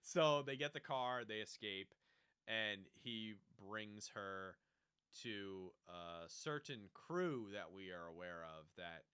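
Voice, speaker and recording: A man co-hosting a podcast, chatting casually and animatedly about a TV show, jumping into quick character impressions. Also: fairly low pitch, animated, sharp tone, clean tone, no echo, clean studio sound. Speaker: podcast co-host. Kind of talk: casual chat recapping a TV show.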